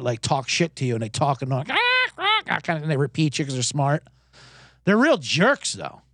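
A man's voice: on the high side, vocal fry, fairly bright tone, dry recording, studio quality. A man hosting a comedic sports podcast, talking in a profane, rambling, self-deprecating way. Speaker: podcast host.

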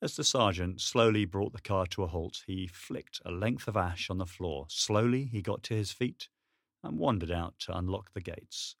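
Low-voiced male audiobook narrator. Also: creaky, no room sound, clean studio sound. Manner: steady, measured storytelling. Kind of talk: scripted narration.

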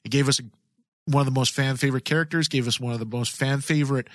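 A man's voice: medium pitch, steady tone, fast talker, fairly bright tone, clean studio sound. A man co-hosting a podcast in casual chat, laughing often and echoing his partner's lines. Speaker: podcast co-host.

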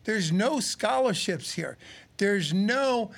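A man's voice: sits high, a little slow. A man in his sixties, a former pro football player and radio analyst, chatting casually about the game and animatedly acting out quotes as he tells stories. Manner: animated storyteller, acts out quotes. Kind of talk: casual sports talk.

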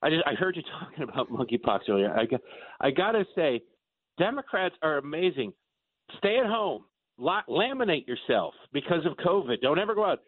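A man's voice: on the high side, big pitch swings, brisk, no room sound. A man speaking as a political commentator guest, sarcastic and mocking, on a phone line. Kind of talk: opinionated radio talk. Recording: tinny dry phone line.

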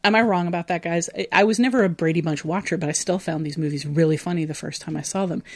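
A woman's voice: lowish voice, fast talker, no room sound. A woman hosting a film discussion podcast, reading prepared commentary and then opening it up to her co-hosts. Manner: opens with scripted-sounding essay read-out, then asks others. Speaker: podcast host.

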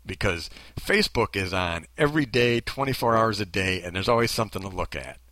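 A man's voice: fairly low pitch, animated, a little fast, bright, forceful tone, dry recording. A man giving sarcastic, mocking commentary on a video he is reacting to. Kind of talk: critical commentary.

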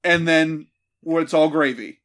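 A man's voice: on the high side, unhurried, fairly bright tone. A man recapping a movie with sarcastic, laughing comic riffs.

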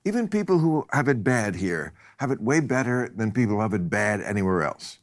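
A man hosting a casual chat, blunt and quick to laugh, often chiming in with agreement. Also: on the low side, big pitch swings. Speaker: host.

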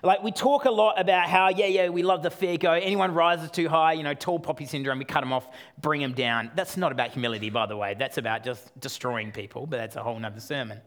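An Australian man in his thirties preaching a sermon with self-deprecating humor, swinging between loud and quiet delivery. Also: on the high side, steady tone, quick pace, few pauses. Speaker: pastor.

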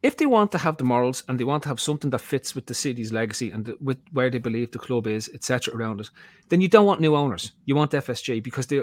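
A man's voice: medium pitch, dry recording. A man hosting a football podcast, opinionated and rambling, tagging points with "right?". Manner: rambling, repeats "right?", many restarts. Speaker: podcast host.

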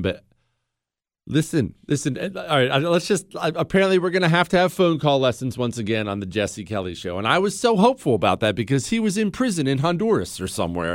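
A man hosts a talk radio show in a dry, close studio sound. His pitch runs a little high and swings a lot, and he tosses off quick jokes and asides. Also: no echo. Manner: animated, joking, quick asides. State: a bit sick, possible fever. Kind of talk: casual talk radio monologue. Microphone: studio microphone.

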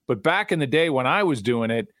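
Middle-aged male broadcaster, mid-pitched, animated storyteller, dry close mic. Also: brisk, no room sound. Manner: animated, repeats words when starting sentences. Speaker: guest broadcaster. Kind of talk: casual storytelling.

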